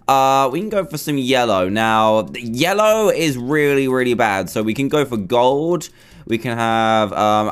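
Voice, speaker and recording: Flustered gaming commentator. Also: male voice, mid-range voice, smooth. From England. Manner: chatty, flustered, talks himself through building. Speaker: gaming YouTuber. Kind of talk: gameplay commentary.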